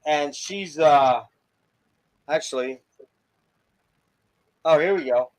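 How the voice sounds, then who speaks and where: This man's voice is fairly high and his pace slow. On his casual album review podcast, he's enthusiastic and foul-mouthed, pouring out praise for the tracks.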